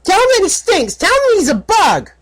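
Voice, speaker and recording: A man voicing an excitable little filly in a fan audiobook, with a squealing, gushing manner. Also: very high-pitched, moderate pace, voice pushed up, exaggerated voice. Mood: cheering.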